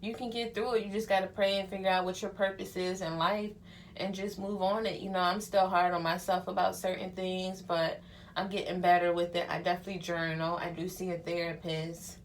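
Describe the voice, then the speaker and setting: A young woman who vlogs and does hair shares her story candidly as she gets ready, using slang like "honey" and "child." She talks briskly in a lowish, flat voice, with slight background noise.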